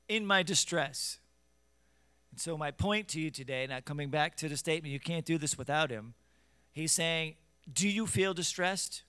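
A man preaching a fervent sermon in a high, bright and clear voice. He moves between quiet scripture teaching and loud, urgent exhortation, scolding his listeners head-on. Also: normal speed, no room sound. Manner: scripture in King James wording, direct scolding of listeners.

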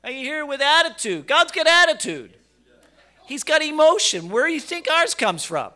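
A man preaching a sermon with emphasis and rhetorical questions, repeating words as he goes, swinging from quiet to loud. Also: very high voice, sing-song, moderate pace.

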